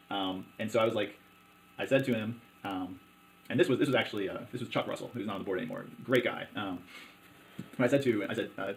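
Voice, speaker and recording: Rapid-talking man, halting with fillers. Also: fairly low pitch, slight background noise, low-quality recording. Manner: halting, many fillers and restarts. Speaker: hospital district commissioner. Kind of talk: conversational interview.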